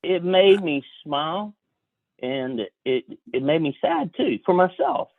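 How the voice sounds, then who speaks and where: A man telling a folksy story as a podcast guest, talking in an animated way with frequent restarts. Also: on the high side, a little slow, vocal fry, dry recording, narrow, tinny audio. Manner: animated, folksy, self-interrupting. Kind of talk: casual storytelling.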